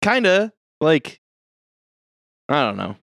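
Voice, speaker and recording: A man's voice: a little high, big pitch swings, slow, creaky, a bit bright, no echo, clean studio sound. A man co-hosting a podcast in casual chat, loose and profane, laughing often. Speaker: podcast co-host.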